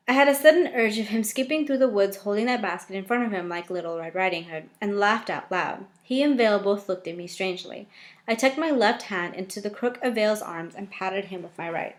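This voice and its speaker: A woman reading a first-person novel aloud, often breaking off to react with lively, joking asides. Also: medium pitch, a little fast.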